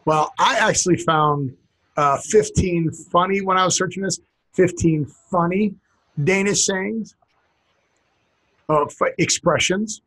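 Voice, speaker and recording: A man's voice: high-pitched, slow, long pauses, a bit bright, breathy edge. A man co-hosting a casual comedy podcast, reading out funny sayings with a chuckle. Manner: reads out funny sayings, chuckling, jumps into silly put-on voices. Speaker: podcast co-host.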